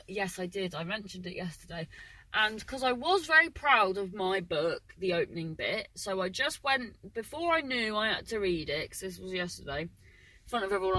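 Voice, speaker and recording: Chatty English woman comedian, animated pitch, dry close sound, rambles and cuts herself off. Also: no echo, poor audio. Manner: chatty, self-interrupting, scattered. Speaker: comedian and podcast host. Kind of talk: rambling casual monologue. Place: in a car.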